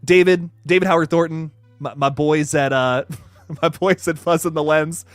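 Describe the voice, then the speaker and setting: A man's voice: a little high, steady tone, moderate pace, no room sound, faint music behind. A young man hosting a casual horror news livestream who swears freely, laughs often and reads chat aloud.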